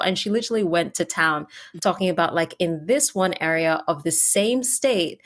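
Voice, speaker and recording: A woman hosting a podcast interview, chatting casually with many "like" fillers and speeding up when excited. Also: fairly low pitch, normal speed. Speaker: podcast host.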